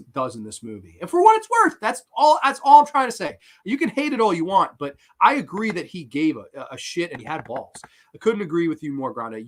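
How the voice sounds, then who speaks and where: Animated, profane male horror streamer. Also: a little high. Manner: loud, animated, profane ranting. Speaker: host of a horror film livestream. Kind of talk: casual profane livestream chat.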